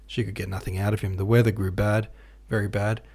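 Man, audiobook narration, measured reading, husky voice. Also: on the low side, level tone, darkish tone. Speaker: podcast host and audiobook reader.

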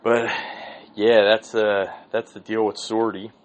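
Low-voiced man rambling profanely as podcast host. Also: little pitch movement, measured pace, poor audio. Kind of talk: casual solo podcast monologue.

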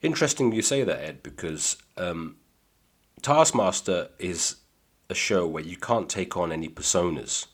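Very deep, husky-voiced deadpan man. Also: unhurried. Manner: deadpan, dry comic storytelling. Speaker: comedian guest. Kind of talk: casual podcast chat.

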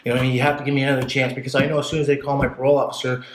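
A man telling his life story in a casual chat, blunt and profane, getting animated when he retells scenes. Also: mid-range voice, very fast, reverberant, a little hiss or hum, low-quality recording.

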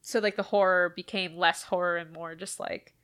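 A woman's voice: fairly low pitch, steady tone, moderate pace, fairly bright tone, smooth. A woman co-hosting a casual movie podcast, reviewing a horror film, laughing often and acting out scenes with a bit of swearing. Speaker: podcast co-host.

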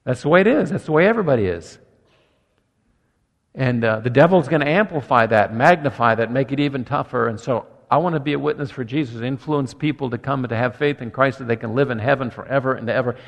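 A man's voice: medium pitch, quick pace, gravelly. Older male pastor preaching in a hall. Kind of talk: sermon. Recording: long echo of a church hall.

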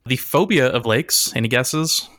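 A man's voice: medium pitch, measured pace, a bit bright, dry recording, studio quality. A man hosting a comedy podcast, reading out facts playfully and laughing often. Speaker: podcast host. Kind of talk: casual comedic chat, presenting facts.

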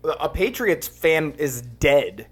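A man's voice: a little high, slow. A young man co-hosting a casual sports podcast, swearing freely and acting out what people said. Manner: animated, swears, acts out quotes. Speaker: podcast co-host. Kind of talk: casual chat.

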